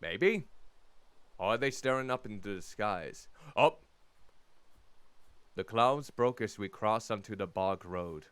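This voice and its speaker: A man's voice: fairly low pitch, expressive, takes it slowly, long pauses, fairly bright tone, clear, resonant tone, dry recording. A male streamer reading game text aloud and commenting, stumbling over pronunciations.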